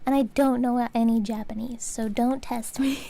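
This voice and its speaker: A woman's voice: fairly high pitch, steady tone, moderate pace, creaky, warm tone, slight background noise. A woman from Australia chatting on a live stream in giggly, teasing banter. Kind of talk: casual live-stream chat.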